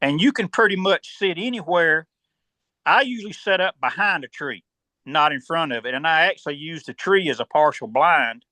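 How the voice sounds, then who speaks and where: A man with a Southern US accent, calmly explaining turkey hunting step by step as a podcast guest and often clearing his throat. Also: a little high, normal speed, dry recording. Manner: steady, instructive, step-by-step.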